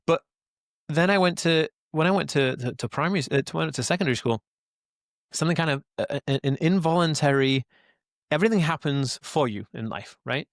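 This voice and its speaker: As an interview guest, a Welsh autism advocate in his forties recounts his life story casually and briskly, his voice a little high. He rambles, repeats words, and peppers his talk with "like" and "right?", speaking earnestly and emphatically to listeners he calls guys. It's a clean, dry studio recording.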